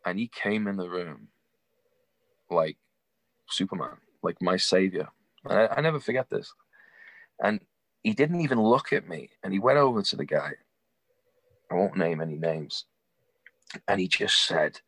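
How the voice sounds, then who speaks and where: Young man, guest, casual storytelling, lowish voice, dry close sound, acts out quoted lines. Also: normal speed, pauses often, husky, no room sound. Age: young adult. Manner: rambling, animated anecdotes with laughs.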